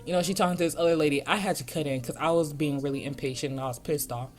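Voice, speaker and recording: Young adult vlogger, slangy storyteller, mid-pitched voice, faint music underneath. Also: racing. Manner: casual slangy storytelling, excited and indignant. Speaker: art vlogger. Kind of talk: storytime over a speedpaint.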